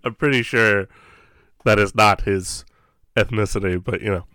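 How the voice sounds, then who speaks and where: Bright, dry-sounding male co-host. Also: fairly low pitch, moderate pace, dry recording. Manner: joking, wry asides. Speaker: podcast co-host. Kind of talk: casual chat.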